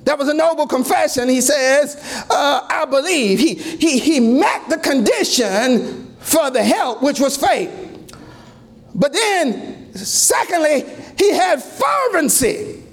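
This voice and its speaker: A man preaching a fervent sermon in a church, shouting and chanting with rising cries. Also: very high-pitched, sing-song, takes it slowly.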